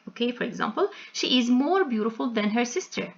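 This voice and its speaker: A woman teaching an English grammar lesson in a slow, explanatory way, spelling out word endings letter by letter. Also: a little high, lively intonation, dull audio.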